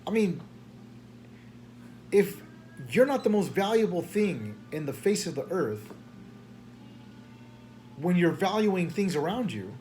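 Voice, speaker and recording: A man's voice: high voice, sing-song, slow, long pauses, darkish tone, faint music behind. A man, a preacher venting late at night in rambling, slangy talk full of stammered restarts and frustration. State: tired at night.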